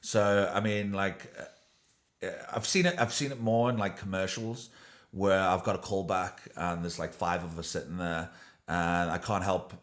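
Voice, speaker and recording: A man's voice: low voice, steady tone, normal speed, a bit bright. A man who is an actor and podcast host, chatting casually and agreeing often. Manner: agreeable, frequent "yeah" backchannels. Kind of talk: casual chat.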